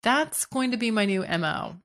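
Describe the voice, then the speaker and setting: A woman's voice: on the high side, lively intonation, normal speed, a bit bright. A woman hosting her own podcast, talking frankly and casually in a solo monologue, with frequent restarts and casual swearing. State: hiccuping. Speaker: podcast host.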